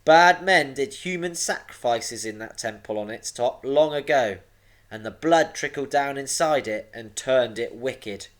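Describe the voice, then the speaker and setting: A man voicing a gloomy old giant cliff creature in a storybook read-aloud, rumbling and fretful. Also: measured pace, lightly acted. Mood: worried.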